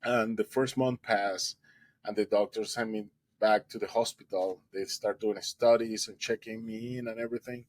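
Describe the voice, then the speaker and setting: A man's voice: lowish voice, fairly even intonation, normal speed, no echo. A man telling his own story as a guest, earnestly, in English with non-native grammar and acted-out voices. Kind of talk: personal storytelling in an interview.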